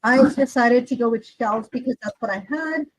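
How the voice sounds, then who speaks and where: A woman's voice: on the high side, normal speed, rough recording. A woman co-hosting a podcast in casual chat, rambling with many fillers. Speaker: podcast co-host.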